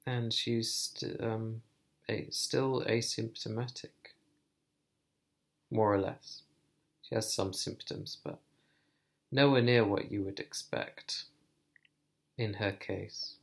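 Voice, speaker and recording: A man talking to camera in a personal vlog, thoughtful and hesitant, thinking aloud with many pauses. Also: fairly low pitch, fairly even intonation, creaky. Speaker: vlogger.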